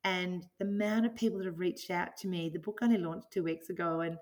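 A woman's voice: lowish voice, fairly even intonation, brisk. A middle-aged woman speaking as an interview guest, earnest and enthusiastic, reflecting on her business and her life. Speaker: guest, business owner and author. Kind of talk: podcast interview.

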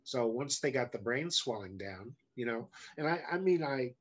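A man's voice: medium pitch, expressive, normal speed, breathy edge. Middle-aged man, podcast guest; blunt, candid storyteller with wry self-deprecating humor. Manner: blunt, candid, often profane. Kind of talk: casual storytelling in an interview.

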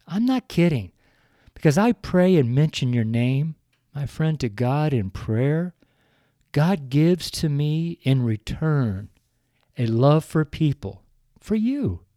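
A man's voice: mid-range voice, dark tone, no echo, studio quality. A man in his sixties, a street preacher speaking on a podcast, crying and pleading earnestly into his microphone. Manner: pleading, earnest, repetitive appeals. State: tearful, crying while speaking.

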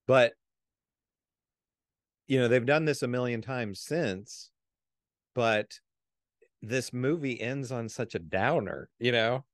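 A man's voice: mid-range voice, slow pace, long pauses, no echo. A man chatting casually through a movie commentary, laughing often and trailing off mid-sentence. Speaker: film commentator.

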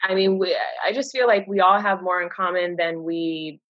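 A woman's voice: lowish voice, moderate pace, no room sound. A woman in her thirties speaking as a guest, telling her story in an earnest, open, conversational way. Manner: earnest, open, animated when quoting others. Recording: muffled dry lo-fi sound.

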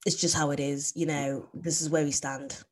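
A woman's voice: low-pitched, level tone, normal speed, darkish tone. A woman co-hosting a podcast, speaking frankly and emphatically in casual chat. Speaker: podcast co-host.

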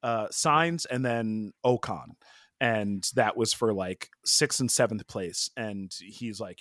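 An animated man co-hosting a casual sports podcast, talking at an ordinary middle pitch and scattering fillers as he goes. His voice is recorded close and dry, with no room sound around it. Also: slow pace, no echo. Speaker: podcast co-host.

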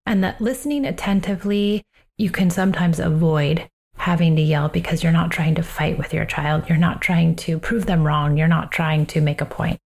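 A woman with a fairly low voice shares parenting advice on her own podcast. She sounds calm, earnest and reflective, and she slows down on the phrases she wants to land. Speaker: parenting coach and podcast host.

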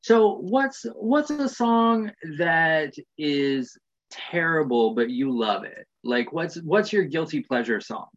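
A man's voice: fairly high pitch, animated, takes it slowly. Laid-back male podcast host, muffled. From United States. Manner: laid-back, rambling, swears casually. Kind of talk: casual interview.

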